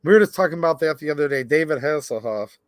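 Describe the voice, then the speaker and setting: A man hosting a casual live stream, chatting and reading viewer comments aloud in an animated way. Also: on the high side, quick pace, no room sound, studio quality. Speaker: livestream host. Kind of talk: casual livestream chat.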